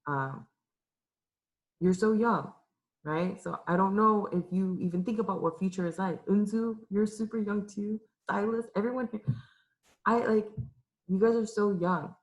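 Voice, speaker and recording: Young woman, low voice, tearful testimony, candid and emotional, halting with fillers. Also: rough recording. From Los Angeles, California. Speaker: youth minister giving a testimony. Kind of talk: personal testimony talk. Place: church room with an audience.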